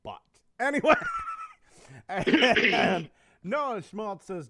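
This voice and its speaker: A male podcast host telling stories in casual chat, animated and swearing often. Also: sits high, slow, long pauses, a loud crowd.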